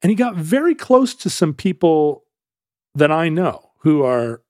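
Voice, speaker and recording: A man's voice: a little high, a little slow, dry recording. Guy telling a long story, bouncy up and down voice, does little voices for people, dry close mic. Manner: animated storyteller who acts out quoted voices. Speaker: podcast host. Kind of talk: casual storytelling chat.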